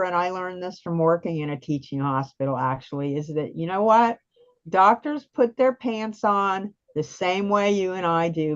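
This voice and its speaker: A middle-aged woman on a video call, telling her own patient story in an earnest, plain-spoken way with some fillers. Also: on the low side. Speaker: guest sharing patient story. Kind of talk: conversational storytelling. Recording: dull lo-fi call audio.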